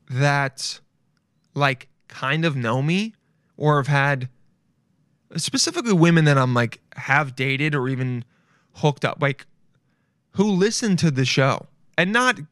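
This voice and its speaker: A man's voice: on the high side, fairly bright tone, dry recording, studio quality. A young man hosting a casual solo podcast, talking in a loose, emphatic way and swearing freely. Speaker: podcast host.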